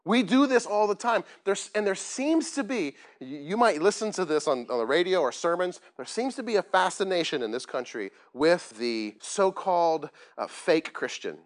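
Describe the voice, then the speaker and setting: A man's voice: sits high, sing-song, moderate pace, hardly any pauses. A man preaching a sermon as pastor, plain-spoken and self-deprecating, often asking the congregation questions. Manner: conversational, asks the congregation questions.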